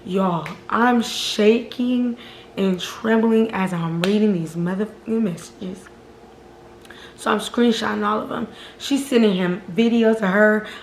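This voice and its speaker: A woman vlogger telling a storytime in casual chat, animated and profane, often calling out to her viewers. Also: medium pitch, measured pace, slight background noise. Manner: animated, profane, keeps addressing viewers as "y'all". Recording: roomy echo.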